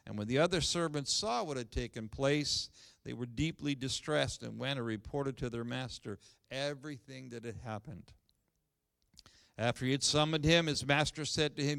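A man preaching a sermon as pastor, reading scripture with rising emphasis, then growing quiet and earnest. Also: mid-range voice, normal speed, vocal fry, no echo.

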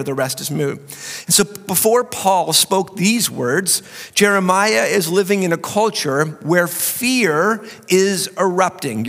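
Male pastor, sermon delivery, voice cracking from a cold, emphatic, a touch high, reverberant sanctuary sound. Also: a bit bright. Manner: emphatic preaching with joking asides. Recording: long reverb of a large hall.

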